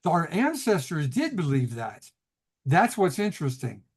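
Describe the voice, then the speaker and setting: A man's voice: on the high side, huge pitch swings, unhurried, husky. A middle-aged man, a rabbi, teaching a class over a video call, telling stories casually with laughs and restarts. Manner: chatty storyteller, laughs often, restarts sentences.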